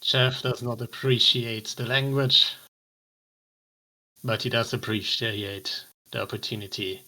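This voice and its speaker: A man acting as game master for a tabletop game played online, casual and explaining calmly. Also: medium pitch, a little slow, low-quality recording.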